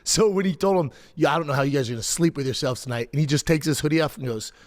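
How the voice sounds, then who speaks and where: A man's voice: fairly high pitch, racing. A middle-aged man telling casual stories on a podcast, swearing freely and acting out what others said. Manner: animated, acts out quoted lines. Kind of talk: casual storytelling.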